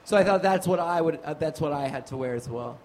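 A man's voice: fairly high pitch, quick pace, darkish tone. A man from Nevada telling a rambling, self-mocking stand-up story. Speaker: stand-up comedian.

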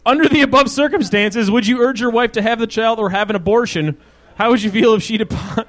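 Brash high-voiced comedy show host. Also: male voice, fairly quick. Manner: brash, swearing, teasing. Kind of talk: live comedy show hosting. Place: stage with live audience.

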